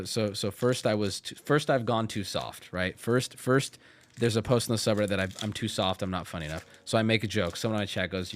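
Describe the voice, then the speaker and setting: A man streaming himself opening card packs, chatting casually and joking, and yelling out loud whenever a rare card turns up. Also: fairly low pitch. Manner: joking, shouts at rare cards. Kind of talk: casual live-stream chat.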